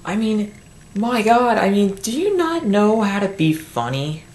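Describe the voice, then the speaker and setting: A man's voice: high voice, expressive, measured pace, darkish tone. A man ranting angrily in a movie review. He rambles, restarts sentences and swears, recorded on a built-in camera microphone at home. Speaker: film reviewer. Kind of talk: angry movie review rant. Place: home room. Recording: echoey room, built-in camera mic.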